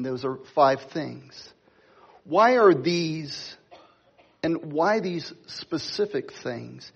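A middle-aged man preaching a sermon, stressing key words slowly and talking to the congregation in asides. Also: fairly high pitch, animated, vocal fry, husky, highs cut off. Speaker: pastor.

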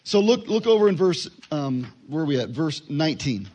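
Guy teaching bible stuff, fairly high voice, chatty, acts out little back and forths. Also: big pitch swings, moderate pace, hardly any pauses, a little mellow. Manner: conversational, acts out little dialogues, fillers.

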